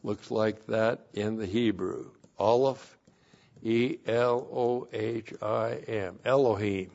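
A man works through a Bible passage verse by verse, stressing each point and repeating key phrases. He speaks at a slow, deliberate pace. The recording is dull and lo-fi. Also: on the low side, steady tone, creaky, darkish tone. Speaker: Bible teacher.

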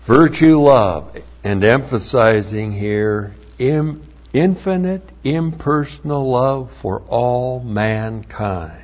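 A man teaching from the Bible, slow and emphatic, repeating key phrases for emphasis. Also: medium pitch, animated, a little mellow. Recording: dull lo-fi recording.

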